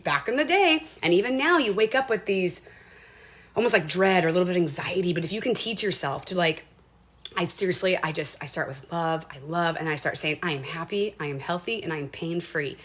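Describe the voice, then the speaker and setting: A woman's voice: lowish voice, a little fast, a bit bright. A woman in her forties from Washington State, talking in a casual, earnest and emotional way on a motivational livestream, rambling with many restarts. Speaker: lifestyle livestreamer.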